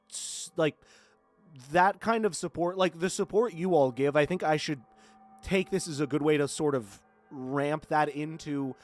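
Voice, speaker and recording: A man in his twenties from Florida, chatting casually with viewers on a live stream, rambling and thanking people often. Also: on the high side. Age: 20s. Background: faint horror music.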